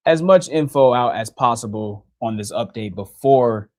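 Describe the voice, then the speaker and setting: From a TV station studio, a young TV meteorologist hosts a casual weather live stream, laughing a lot and chatting while he handles the radar. His mid-range, darkish voice moves at a moderate pace, with no room sound in the recording.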